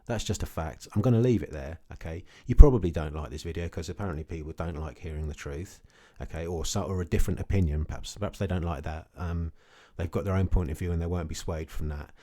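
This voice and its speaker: A man's voice: deep voice, quick pace, hardly any pauses, dark tone. A man ranting casually to camera about his investments, blunt and repetitive, often tagging his points with "okay". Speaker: crypto vlogger.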